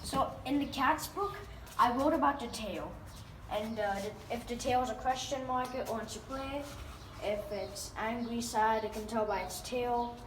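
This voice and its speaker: This pet vlogger, unhurried and fairly high-pitched, chats casually while recording her cat at home near a backyard. She dotes, rambles, uses fillers and restarts herself. Background noise and room echo come through a distant mic.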